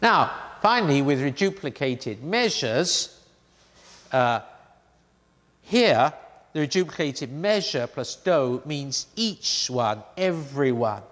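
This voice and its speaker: A man teaching a grammar lesson, explaining slowly and deliberately and reading out example sentences. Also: medium pitch, expressive, a bit bright, in a large hall. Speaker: Chinese language teacher.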